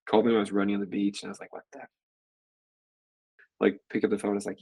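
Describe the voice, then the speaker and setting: A man's voice: on the low side, completely flat delivery, quick pace, gravelly, pauses often, mellow, slightly rough. A man in his forties, a venture capital partner, telling a long story in a casual interview, rambling with lots of "like" fillers.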